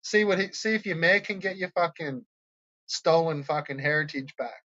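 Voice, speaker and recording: A man's voice: on the high side, normal speed, pushed and bright, lo-fi sound. A man hosting a stream, ranting and mocking viewers with constant swearing. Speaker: host of a troll-reaction stream. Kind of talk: profane ranting commentary.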